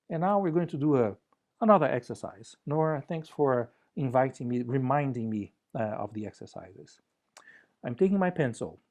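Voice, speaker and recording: Over a video call, a man with a mid-range voice gives a relaxed conference talk, joking playfully and gently guiding listeners through exercises.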